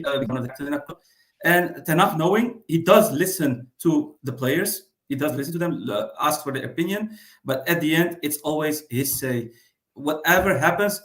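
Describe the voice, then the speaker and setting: A man joins a fan panel from an echoey room. His voice sits a bit high. He speaks thoughtfully, pausing often with fillers. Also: a bit bright. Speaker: guest fan pundit. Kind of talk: casual panel discussion. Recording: roomy echo.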